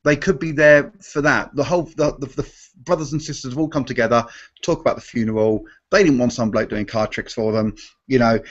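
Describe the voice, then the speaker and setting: A man's voice: medium pitch, brisk, lo-fi sound. A man, a magician guest in a live Q&A, talking animatedly and restarting his sentences often. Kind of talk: live Q&A chat.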